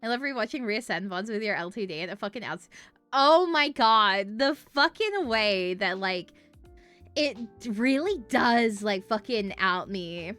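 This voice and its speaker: A woman's voice: medium pitch, lively intonation, measured pace, fairly bright tone, no echo, faint music behind. A woman streamer chatting casually, giggling often and swearing freely.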